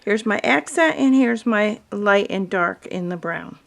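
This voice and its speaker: A woman with a mid-range voice and a gravelly, fry-tinged edge narrates a quilting lesson. She talks through her fabric choices calmly and plainly, one item at a time, like a patient instructor. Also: medium pitch, measured pace. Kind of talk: video tutorial narration.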